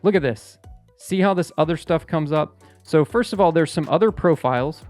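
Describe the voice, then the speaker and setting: A man's voice: fairly high pitch, moderate pace, a little mellow, faint music behind. A man walking through a screen-share tutorial in a casual, rambling way, full of fillers and restarts. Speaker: real estate investor and channel host.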